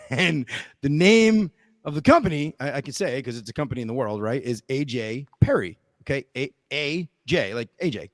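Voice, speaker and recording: A man on a casual podcast, rambling and animated as a guest storyteller, restarting his sentences and checking in with his listeners as he goes. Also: mid-range voice, normal speed, dry recording, clean studio sound.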